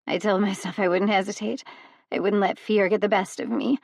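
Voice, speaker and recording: A woman's voice: mid-range voice, flat delivery, a little fast, creaky, a little mellow, no echo, studio quality. Woman doing a tearful pleading mortal mother. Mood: nervous. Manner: pleading, nervous, emotional. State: tearful, voice rough. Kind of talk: audiobook character voice.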